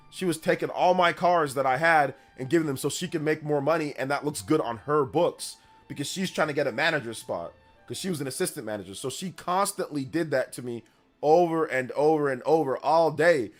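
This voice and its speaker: A man talks casually on a gaming livestream, rambling through stories and peppering them with slang. His voice sits a bit on the high side, and he turns loud and animated when a story heats up. Soft music plays quietly underneath. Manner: rambling storyteller, slangy, says "bro" and "like" often. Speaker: gaming news streamer.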